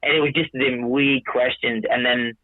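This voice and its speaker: A man's voice: mid-range voice, steady tone, normal speed, no echo. Rambling man on a tinny line. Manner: rambling, restarts, quotes himself in dialogue. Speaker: podcast guest. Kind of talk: casual storytelling with profanity. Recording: dry tinny phone-like audio.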